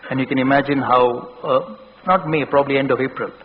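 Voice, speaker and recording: A man's voice: fairly even intonation, fast. A man in his forties with an Indian English accent gives a motivational talk to a hall. His delivery is earnest, full of restarts and repeated words. The sound is dull and lo-fi, with a long reverb and a faint hum behind it. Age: 40s. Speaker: keynote speaker. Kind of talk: motivational speech with anecdotes. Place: large hall. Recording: dull, boomy hall recording.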